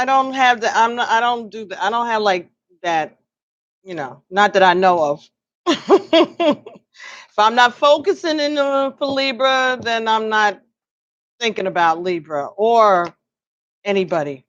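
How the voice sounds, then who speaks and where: A woman's voice: on the high side, expressive, measured pace, a bit bright, muffled recording. A tired woman casually reading tarot cards on a live stream, chatting with viewers by name and laughing often. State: tired, yawning.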